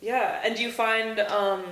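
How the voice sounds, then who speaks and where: A woman's voice: fairly high pitch, fairly bright tone. A woman podcast host asking friendly, casual questions, full of filler words. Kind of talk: casual interview chat. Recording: roomy echo.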